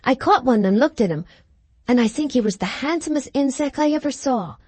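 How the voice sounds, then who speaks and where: Storybook figure: an earnest, eager little boy with plain country speech, voiced by a woman narrator. Lively and bright in tone. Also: sits high, fairly quick, slightly rough, no room sound, voice pushed up.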